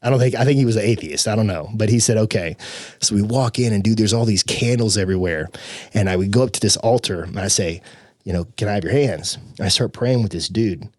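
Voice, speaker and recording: A man's voice: fairly low pitch, quick pace, no echo, clean studio sound. A young adult man, a podcast guest, telling a personal story casually and acting out the voices of people in it. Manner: animated, acts out quoted voices.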